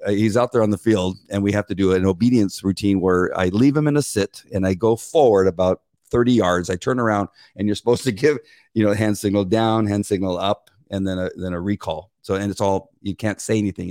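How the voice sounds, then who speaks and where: A middle-aged man co-hosting a casual chat, telling animated stories, acting out voices and laughing often. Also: sits low, dry recording, studio quality. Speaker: podcast co-host.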